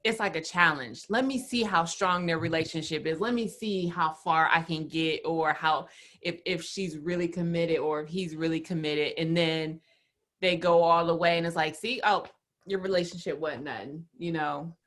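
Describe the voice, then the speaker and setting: Woman podcast co-host, lower-pitched, reflective and inquisitive. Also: fairly even intonation, normal speed, a bit bright. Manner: thoughtful, asks questions, muses aloud. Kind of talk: casual podcast chat.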